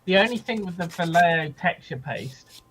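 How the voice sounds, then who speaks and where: A man explaining a hobby technique on a casual live stream, with a few ums and pauses. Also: high voice, expressive, fairly bright tone. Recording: noisy mic.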